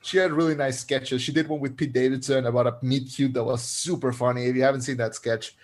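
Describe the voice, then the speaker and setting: A man's voice: mid-range voice, fairly even intonation, fast. A man co-hosting a podcast, chatting casually about a film, rambling with restarts and frequent laughs. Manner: rambling, many restarts and fillers, laughs often. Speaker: podcast co-host. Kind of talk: casual film review chat.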